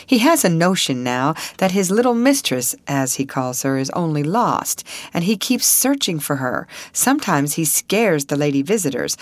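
A woman's voice: low voice, no room sound. A woman reading an audiobook voices a kindly, polite male soldier who talks in a reassuring, chatty way.

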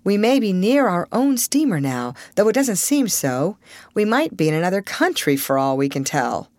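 A woman's voice: medium pitch, sing-song, normal speed, darkish tone, no echo, lightly acted. A woman voicing a thoughtful young man.

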